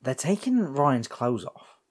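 A man's voice: medium pitch, very animated, slow pace. A man with a British accent casually recapping a film as podcast co-host, telling it animatedly and swearing freely. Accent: British English.

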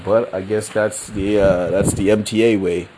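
A man hosting a casual solo sports podcast, rambling in a relaxed, slangy way and laughing often. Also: on the low side, moderate pace, background noise. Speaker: podcast host.

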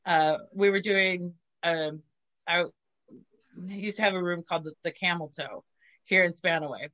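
Bright-voiced lady host, giggly and crude, lotta "you know"s, dry close sound. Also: on the low side, moderate pace, dry recording, dull audio. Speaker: podcast host. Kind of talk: casual podcast chat.

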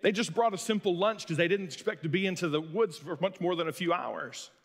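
A middle-aged pastor tells stories in a folksy, self-mocking sermon. His voice sits a little high for a man. It echoes through a large church hall with a long reverb. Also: fairly quick. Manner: storytelling, folksy and self-deprecating. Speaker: pastor and high school coach.

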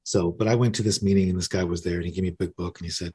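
A man's voice: sits low, fairly even intonation, very fast, a little mellow, slightly rough. A man in his fifties telling his recovery story in a candid, self-mocking way, full of restarts. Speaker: podcast guest. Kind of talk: recovery story told in casual conversation.

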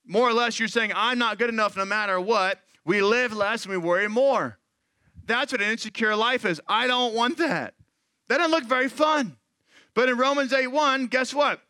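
A man in his thirties preaching a sermon as pastor, animated and acting out quoted voices. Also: very high-pitched, normal speed, no room sound.

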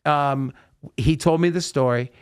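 A man hosting a podcast in a studio, telling a story with lively voiced-out quotes. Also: a little high, unhurried, smooth. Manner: animated storyteller acting out quotes. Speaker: podcast host. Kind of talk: casual storytelling chat.

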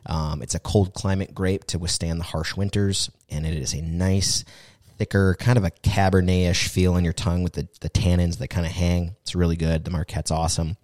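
A man's voice: low-pitched, flat delivery, fairly quick, few pauses, a little mellow, dry recording, clean studio sound. A man hosting a podcast in casual chat, also giving an upbeat sponsor read. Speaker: podcast host.

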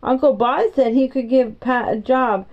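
A woman's voice: sits high, fairly even intonation, unhurried. A woman reading the lines of an argumentative young boy, defensive and matter-of-fact, in a storybook. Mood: plain. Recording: dull lo-fi recording.

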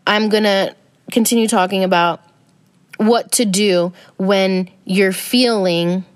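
A woman's voice: medium pitch, steady tone, slow, clean tone, dry recording, studio quality. A young adult woman hosting a podcast, talking casually about self-help and spirituality in a rambling way with many fillers. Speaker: podcast host.

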